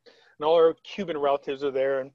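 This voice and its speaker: A man's voice: a little high, steady tone, a little fast, dry recording, lo-fi sound. A man telling a story on a video call in a casual, rambling way, retelling quotes with frequent restarts. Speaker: interviewee.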